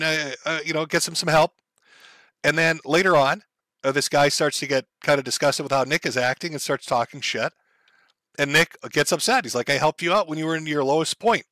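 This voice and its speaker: A man talks through events in a relaxed, explanatory way and often pauses on fillers. His voice is bright and a little high. The recording is dry and close. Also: no echo. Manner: conversational, explanatory, frequent fillers. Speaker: commentator. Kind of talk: casual commentary.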